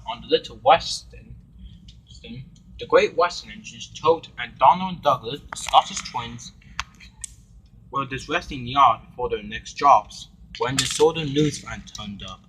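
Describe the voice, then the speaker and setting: A man narrating a fan-made toy-train storybook tale in a plain, slightly halting reading. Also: mid-range voice, expressive, a bit bright, a little hiss or hum, poor audio.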